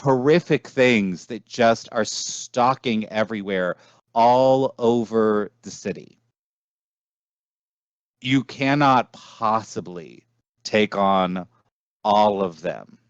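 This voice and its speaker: A man narrating a tabletop game as game master, slow and halting as he describes the scene. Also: lowish voice, dry recording. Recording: dull lo-fi dry sound.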